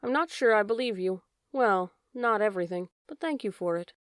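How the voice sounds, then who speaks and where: A woman's voice: medium pitch, expressive, moderate pace, fairly bright tone, clear, resonant tone, dry recording, clean studio sound, lightly acted. A woman voicing an anxious, frail male autumn leaf who talks in a plaintive, worried way. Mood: wistful. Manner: plaintive, worried colloquial talk.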